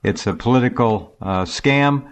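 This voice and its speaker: A man hosting a talk radio show, speaking in a measured, earnest way. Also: mid-range voice. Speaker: radio host.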